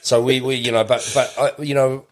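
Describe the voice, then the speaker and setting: A man's voice: medium pitch, flat delivery, fairly quick. A middle-aged man, talking in a rambling way full of fillers and restarts in a casual interview. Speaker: podcast guest.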